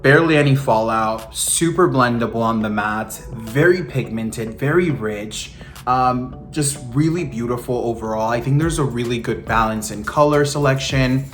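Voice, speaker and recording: A young man reviewing a makeup palette in a sassy, animated way, full of campy slang, with playful swoops up in pitch. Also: normal speed, faint music behind. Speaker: beauty vlogger.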